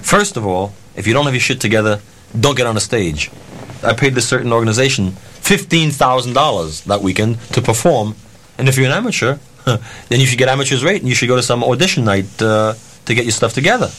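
A man who ran concert halls telling a story in a blunt, profane, animated way, acting out his own ranting. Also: mid-range voice, a little fast. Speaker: concert promoter. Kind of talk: anecdotal storytelling.

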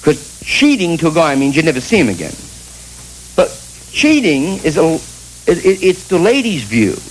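A man's voice: fairly high pitch, huge pitch swings, normal speed, slight background noise, poor audio. A male stand-up comedian delivering an irreverent, rambling monologue full of restarts and asides.

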